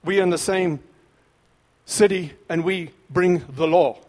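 A man preaching a sermon with fervent, emphatic bursts, then dropping into quieter scripture reading. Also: high-pitched, measured pace. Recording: long reverb of a large hall.

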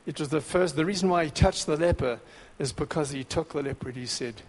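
A man preaching a sermon, dramatic, dropping to a hush and then rising to shouts. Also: a little high, a little fast. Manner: dramatic, swings between hushed and shouting. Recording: long hall reverb.

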